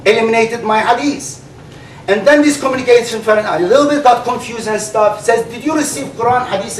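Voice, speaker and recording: Turkish-accented male debate speaker, animated, halting, lots of fillers; high voice, roomy distant sound. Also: a little hiss or hum. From Turkey. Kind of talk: public debate speech. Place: large hall. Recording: echoey hall recorded from far off.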